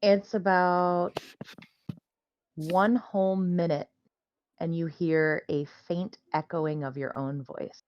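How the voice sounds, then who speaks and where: Woman dungeon master, slow and relaxed, lowish voice, dry slightly muffled audio. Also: dry recording. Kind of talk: narrating a tabletop game.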